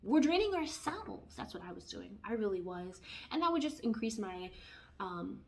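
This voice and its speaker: A woman giving a casual tarot reading, chatty and expressive, who often drops into hushed asides. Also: mid-range voice, normal speed. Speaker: tarot reader.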